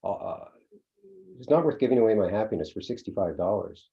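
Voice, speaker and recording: A man's voice: lowish voice, animated, a little fast, vocal fry, warm tone. A middle-aged man leading a course, talking casually with many fillers and a rhetorical "right?". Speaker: course leader. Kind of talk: casual teaching talk. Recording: dull lo-fi sound.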